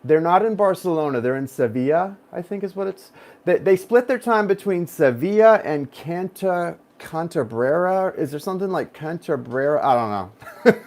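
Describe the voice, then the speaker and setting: A man's voice: on the high side, expressive, moderate pace, a little mellow. A man in his thirties, a tarot reader, talking casually and at length to his viewers, drifting off on personal tangents and addressing them directly. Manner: rambling, digressive, talks straight to viewers. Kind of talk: casual chatty reading to viewers.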